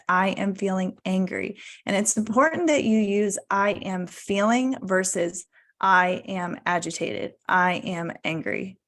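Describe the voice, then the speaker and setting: A woman in her thirties leading a guided mindfulness talk on a video call, gentle and encouraging, stretching out key words. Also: mid-range voice. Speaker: wellness coach.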